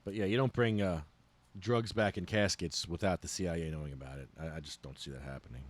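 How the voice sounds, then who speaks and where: A man hosting a podcast, ranting in a casual, profane and animated way. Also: sits low, quick pace. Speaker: podcast host.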